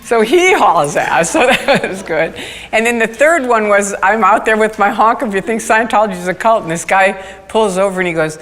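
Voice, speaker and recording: A woman speaker on stage telling funny stories from her activism in a lively, anecdotal way, laughing as she goes. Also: medium pitch, moderate pace, a little hiss or hum. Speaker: conference speaker. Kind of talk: storytelling talk on stage. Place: conference hall. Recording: hall reverb with audience.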